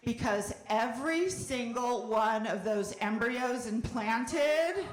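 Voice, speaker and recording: A middle-aged woman working a stand-up set in a comedy club, her slightly high voice carrying around the room. She talks slowly, letting lines land, then breaks into loud animated bursts. The sound is roomy and reverberant. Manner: animated, with loud shouted bursts and wry asides.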